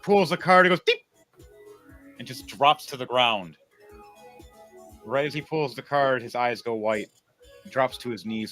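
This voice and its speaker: A man narrating a tabletop game as game master, lively and building up each scene. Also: medium pitch.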